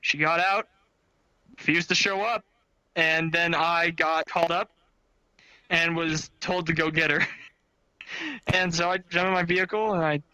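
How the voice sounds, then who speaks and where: A man with a high, very bright voice tells a casual story about his work. He is animated and swears freely. His voice is recorded dry and close, with no room sound. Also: measured pace, long pauses, smooth, no echo, poor audio. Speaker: storyteller recounting bail bond work. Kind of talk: casual anecdote.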